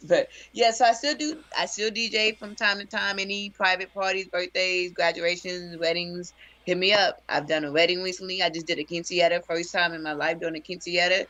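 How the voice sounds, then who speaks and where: A woman's voice: fairly low pitch, fairly even intonation, brisk, a bit bright. Woman DJ from Texas. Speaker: DJ and interview guest. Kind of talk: casual interview answers.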